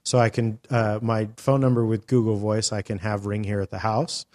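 Low-voiced rambling male podcast host. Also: little pitch movement, normal speed, darkish tone. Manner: rambling storyteller, swears casually, many fillers. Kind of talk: casual chat.

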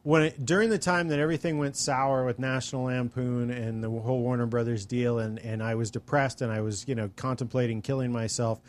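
A man's voice: mid-range voice, fairly even intonation. A man in casual conversation, talking reflectively with frequent fillers and restarts. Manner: reflective, speaks at an unhurried pace with many fillers. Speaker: friend in conversation. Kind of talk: casual chat.

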